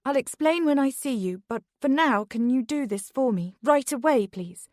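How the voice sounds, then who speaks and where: A woman's voice: sits high, expressive, normal speed, a little mellow, no echo, studio quality, pitched above the performer's own voice. Woman doing a frantic, pleading mother. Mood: urgent. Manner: urgent, pleading. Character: frantic young mother on the run.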